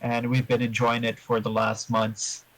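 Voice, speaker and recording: A man with a slightly husky, breathy voice talks through his tabletop campaign in a measured, explanatory way. He sits at a middle pitch and lays out advice for other players step by step. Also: completely flat delivery, a bit bright, no room sound, faint music behind, rough recording. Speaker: interview guest, tabletop player. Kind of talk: interview answers.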